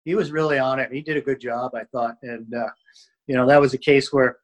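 A man's voice: mid-range voice, fairly even intonation, a little fast, rough recording. Rambling former hockey player, male. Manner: rambling, many fillers and restarts. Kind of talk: casual interview storytelling.

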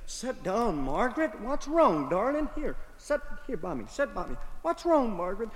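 A man's voice: high voice, big pitch swings, moderate pace. A man voicing a patient middle-aged husband who soothes his upset wife in a coaxing, placating way. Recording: live hall with long reverb, faint music.

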